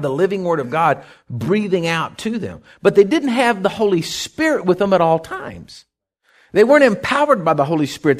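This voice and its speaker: Male pastor, middle-aged, folksy sermon delivery, slightly high voice, very lively pitch. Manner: folksy, conversational preaching with asides and questions to listeners.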